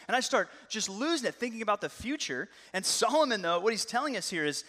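A man in his thirties preaching a sermon in a casual, conversational way that turns animated and loud. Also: high-pitched, fast, hardly any pauses. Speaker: pastor. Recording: long reverb of a large hall.

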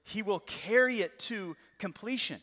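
A man in his thirties preaching a sermon in a casual, conversational way that turns animated and loud. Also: sits high, measured pace. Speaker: pastor. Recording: long reverb of a large hall.

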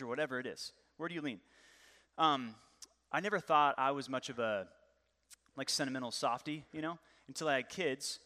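Man, 30s, young pastor, chatty and lively sermon, bright forceful tone, hall reverb. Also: a little high, a little fast. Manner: casual, conversational, gets animated and loud. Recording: long reverb of a large hall.

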